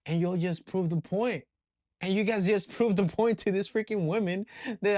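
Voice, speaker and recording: Blunt, swearing man with a high voice. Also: normal speed, no room sound. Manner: blunt, profane, animated. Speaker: vlogger. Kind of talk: casual rant.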